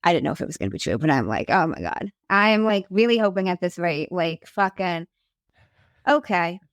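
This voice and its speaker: Animated storytelling young woman, smooth voice. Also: lowish voice, fairly quick, dry recording, studio quality. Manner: animated, profane, acts out quotes. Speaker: podcast host telling her story as guest. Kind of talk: casual storytelling chat.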